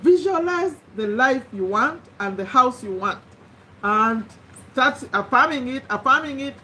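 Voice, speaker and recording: Bright-voiced woman coaching encouragingly. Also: sits high, expressive, a little slow, slight background noise. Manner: earnest and encouraging, repeats phrases with frequent restarts. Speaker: live-stream host. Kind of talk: motivational live-stream talk.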